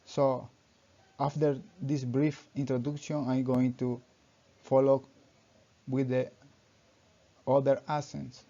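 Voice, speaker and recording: A young man reading a class presentation aloud, halting and often restarting his sentences with "so", in a dull lo-fi recording. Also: medium pitch, level tone, mellow. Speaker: student presenter.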